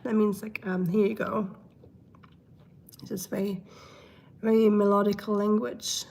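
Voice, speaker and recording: On a live stream, a young woman chats casually and reads out comments, being silly and laughing a lot. Her throat is thick with mucus, so she keeps clearing it. Her voice is medium-pitched and darkish, with little pitch movement and a measured pace.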